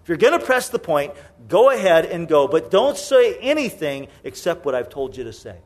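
A man voicing God as a weary, exasperated male figure, low and resigned. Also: big pitch swings, moderate pace.

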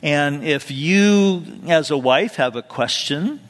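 A man's voice: on the high side, expressive, slow. Conversational male pastor, reverberant hall. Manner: conversational, with asides and rhetorical questions. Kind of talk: expository sermon.

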